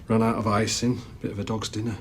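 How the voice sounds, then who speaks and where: A man's voice: lowish voice, level tone, fast, a little hiss or hum, lightly acted. An actor playing an awkward, joking man. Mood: jokey. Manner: bumbling, joking. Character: awkward, jokey man offering cake.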